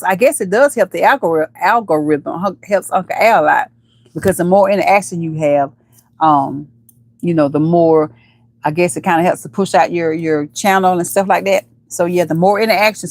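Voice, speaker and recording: A woman hosting a casual live stream, chatting playfully with viewers, calling them baby and honey and breaking into high squeals. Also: no echo. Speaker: livestream host.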